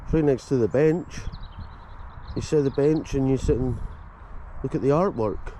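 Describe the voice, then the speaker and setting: A Scottish man of middling pitch talks into a handheld camera as he strolls through a village, chatty and quick with jokey asides. Faint traffic and outdoor ambience sit behind him. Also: mellow. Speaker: vlogger and host. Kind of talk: casual walking vlog. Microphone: handheld camera mic.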